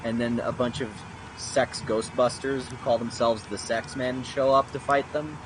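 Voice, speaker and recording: A man's voice: medium pitch, steady tone, normal speed. A man rambling casually on a gaming stream, laughing easily. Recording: noisy stream audio.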